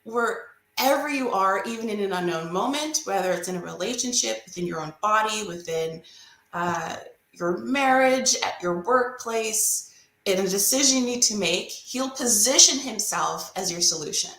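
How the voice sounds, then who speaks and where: Woman guest, earnest storyteller, medium pitch, roomy echo around her voice. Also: normal speed, a bit bright. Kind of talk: faith testimony and teaching.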